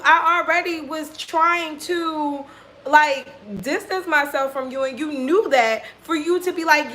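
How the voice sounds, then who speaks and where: High bright woman telling a story. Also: measured pace, a little hiss or hum. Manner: animated, profane storytelling, acting out quoted lines. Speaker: tarot reader. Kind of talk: casual storytime vlog.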